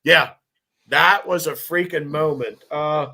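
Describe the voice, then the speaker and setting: A man in his fifties, a firefighter lieutenant, telling animated, swearing stories on a podcast. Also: on the high side, slow pace, vocal fry. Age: 50s. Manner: animated, laughing, swearing storyteller. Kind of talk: casual storytelling.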